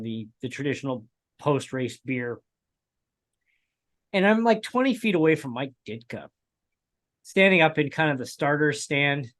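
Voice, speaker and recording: A man with a somewhat high-set speaking voice chats casually as a podcast co-host. He rambles through stories, breaking off mid-sentence and chuckling as he goes. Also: a bit bright. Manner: rambling storyteller, chuckles while telling stories. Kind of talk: casual chat.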